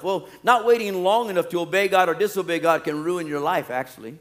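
Man, pastor, sermon, fairly high voice, animated preaching, loud and quiet turns. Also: a little fast. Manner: animated preaching that swings from loud pleading to low asides.

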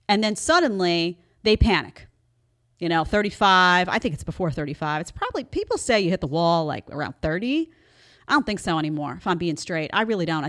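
Woman host, middle-aged, mid-range voice, direct and emphatic. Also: mid-range voice. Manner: emphatic, conversational, talks straight to viewers. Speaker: show host. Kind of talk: live commentary show.

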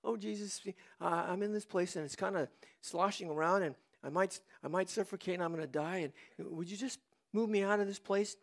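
A man voicing a frightened prophet who prays meekly in a whispered role-play, pleading in a hushed voice. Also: high-pitched, a little fast. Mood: timid pleading. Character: timid praying man, a frightened prophet inside a fish. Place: church.

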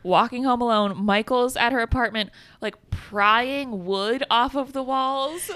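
A giggly woman with a bright, slightly high voice, walking through a film's plot in a chatty way. Her recap is broken up with quick asides. The recording is close and dry. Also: dry recording. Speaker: podcast co-host. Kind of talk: casual film recap chat.

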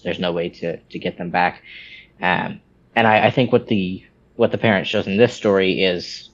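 A man's voice: on the low side, muffled recording. A man co-hosting a casual podcast, talking in a rambling way with many restarts. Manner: rambling, many restarts, animated when quoting. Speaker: podcast co-host.

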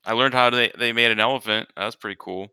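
A man's voice: mid-range voice, fairly even intonation, quick pace, bright, forceful tone, clear, resonant tone, no room sound. A man hosting a podcast, chatting casually with a laid-back, dry manner. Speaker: podcast host. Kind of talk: casual chat.

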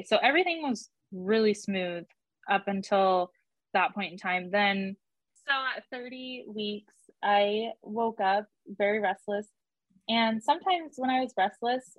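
A woman's voice: mid-range voice, no echo, highs cut off. Chatty young woman telling a story. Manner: chatty, animated quoting of others, laughs often. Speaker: guest telling her birth story. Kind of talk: casual storytelling in an interview.

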